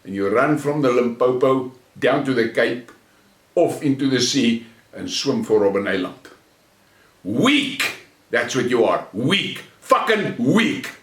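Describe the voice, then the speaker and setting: Man, South African accent, profane mocking rant, slow deliberate delivery, distant mic. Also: sing-song. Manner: profane, mocking and contemptuous, swings between shouting and low sneering. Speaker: channel host. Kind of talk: angry ranting monologue. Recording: roomy echo, mic at a distance.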